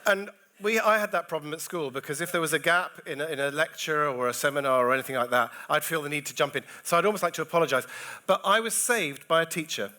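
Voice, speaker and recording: A man with a bright, forceful voice gives a talk to an audience of teachers. He tells stories in a restless way, jumping between thoughts and restarting his sentences. The voice is clear and lively. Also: fairly high pitch, fast. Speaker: comedian speaking at an education festival. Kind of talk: keynote talk and anecdotes.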